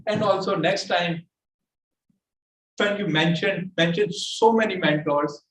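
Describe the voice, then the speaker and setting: A man with a Pakistani English accent evaluating a speech at a club meeting, halting and repeating his words often. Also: high voice, fairly bright tone. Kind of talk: giving spoken feedback at a club meeting. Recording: echoey room from far off, faint noise.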